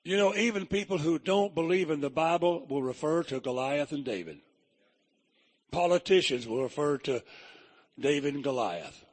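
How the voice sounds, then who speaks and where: Husky preacher, folksy and funny, kinda high voice. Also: male voice, moderate pace. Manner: folksy, humorous, animated. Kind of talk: folksy storytelling sermon.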